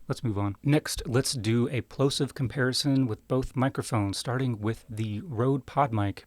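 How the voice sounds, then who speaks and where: A man's voice: fairly low pitch, no echo. A man casually demonstrating microphones, talking close between two broadcast mics at his desk in a chatty, self-deprecating way and putting questions to the listener. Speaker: microphone reviewer. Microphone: talking close between two broadcast dynamic mics.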